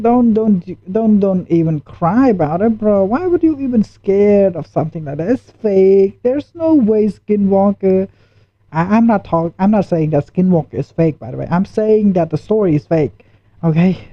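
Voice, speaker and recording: A man's voice: high voice, moderate pace, no echo. A man streaming his reaction to a video, jittery, repeating himself and swearing. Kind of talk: live reaction commentary. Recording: dull lo-fi dry sound.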